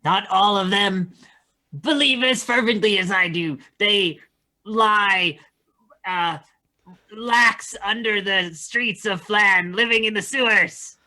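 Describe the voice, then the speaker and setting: A fervent city kobold who believes in its dragon goddess more than its kin do, played by a player at the table. The voice is bright and earnest, with small hesitations between phrases. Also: medium pitch, slow pace.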